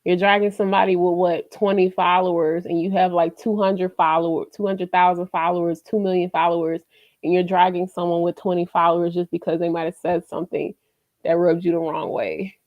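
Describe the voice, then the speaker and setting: A woman's voice: lowish voice, flat delivery, fairly quick, no room sound. Woman vlogging, casual and candid, slangy, dull lo-fi sound, dry. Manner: candid and chatty, with slangy asides and frequent "you know". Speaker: vlogger giving life lessons. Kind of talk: casual talk to camera.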